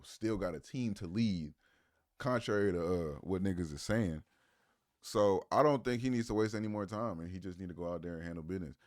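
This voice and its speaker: Mocking, profane man reacting live. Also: sits low. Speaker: streamer reacting to a clip.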